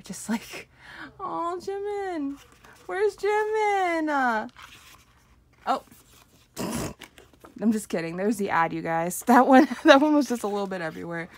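A young woman unboxing an album on camera, gushing and giggling with lots of excited exclamations. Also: mid-range voice, creaky, a little hiss or hum. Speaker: unboxing vlogger. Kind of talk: excited casual unboxing chat.

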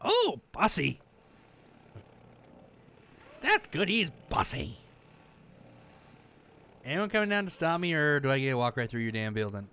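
A man's voice: fairly high pitch, big pitch swings, unhurried, pauses often, bright, forceful tone, clean tone. A man doing let's-play commentary, sarcastic and swearing, talking back at the game. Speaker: gamer playing through a game. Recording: noisy with clicking sounds.

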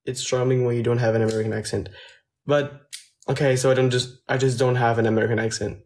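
A man's voice: mid-range voice, level tone, fast talker, a little mellow. A young man chatting casually on a phone livestream from his kitchen, reading viewers' questions aloud and answering them. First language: Dutch. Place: home kitchen.

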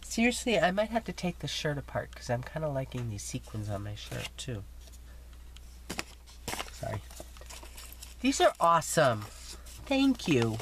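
A woman with a low voice that swings widely in pitch chats through her crafting mail, gushing over each piece and poking fun at herself. She sounds a little under the weather, and a faint hum of the room sits behind her. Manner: chatty, self-teasing, gushing. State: recovering from illness, coughing. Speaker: scrapbooking vlogger. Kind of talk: casual chat showing mail.

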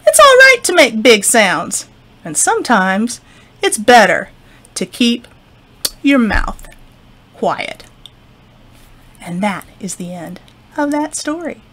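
Librarian woman, storytime narrator: slow, breathy, very lively pitch, drops into whispers. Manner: expressive, with whispers and sound effects.

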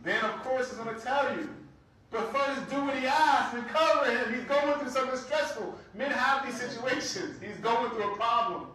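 High-voiced imam in an echoing room. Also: male voice, moderate pace, pushed and bright. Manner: conversational, keeps checking in with "right?". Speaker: imam teaching a class. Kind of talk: religious class lecture. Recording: very echoey room, mic far off.

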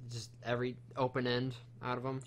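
A man's voice: mid-range voice, completely flat delivery, fairly quick. A man hosting a casual film review chat, retelling the plot in a rambling, profane way with lots of fillers.

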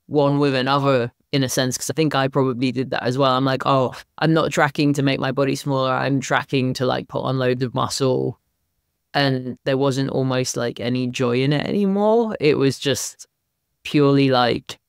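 A man hosting a podcast, asking relaxed questions and reflecting on his own experience. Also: medium pitch, vocal fry, clean tone, no room sound, clean studio sound. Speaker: podcast host. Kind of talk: casual podcast interviewing.

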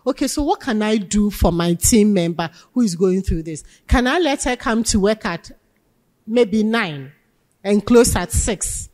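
Her medium-pitched voice has a slightly mellow quality as this Ghanaian lecturer teaches a leadership class. She speaks with emphasis and asks the students questions, all in a lecture hall with lengthy reverb.

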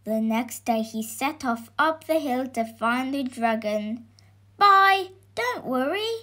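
A woman narrating a children's storybook aloud. She reads slowly and clearly, with a slightly high voice. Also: steady tone. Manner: slow and clear.

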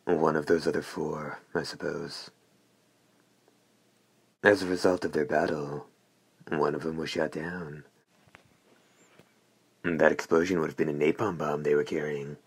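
A man voicing a hoarse, knowing talking hand. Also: rumbling low, flat delivery, unhurried, long pauses, exaggerated voice. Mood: explaining.

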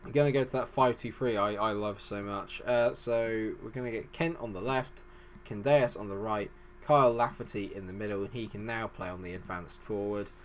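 A man's voice: fairly low pitch, moderate pace, a little hiss or hum. A man hosting a gaming channel, giving rambling, self-deprecating let's-play commentary.

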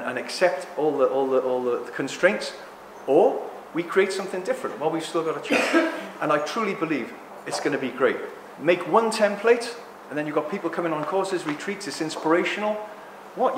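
An excitable middle-aged man speaks to a live audience in a slightly raised voice, ranting and slipping into other people's voices. The sound rings around an echoey indoor hall. A faint ambience hums underneath. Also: a little high, noisy background. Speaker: speaker at a talk. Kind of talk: impassioned public talk to a live audience. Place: indoor talk venue.

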